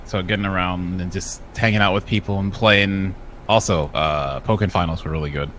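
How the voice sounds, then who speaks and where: A man on a casual podcast, recapping in a relaxed, rambling way. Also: deep voice, normal speed, slight background noise. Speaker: podcast co-host.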